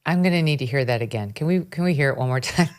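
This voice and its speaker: A woman's voice: extremely low pitch, animated, very fast, a little mellow. A woman hosting a political talk show, chatty and blunt, often laughing in amusement. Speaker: podcast host.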